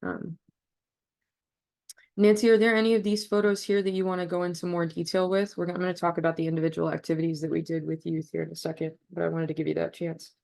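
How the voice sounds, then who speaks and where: Lowish-voiced woman on a webinar call, earnest and halting, lots of ums and restarts. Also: level tone, gravelly, a little mellow. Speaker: programs coordinator presenting a trip report. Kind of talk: webinar talk over photos.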